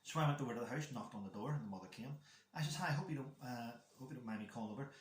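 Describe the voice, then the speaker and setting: A man's voice: mid-range voice, expressive, racing. A man chatting casually as a guest, telling a rambling story about his son and acting out the dialogue. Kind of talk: casual chat. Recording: echoey room.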